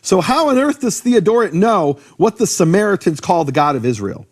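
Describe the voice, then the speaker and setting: A man teaching in a conversational lecture about biblical names, animated, posing rhetorical questions and often restarting his sentences. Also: sits high, normal speed. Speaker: Bible teacher explaining Hebrew names.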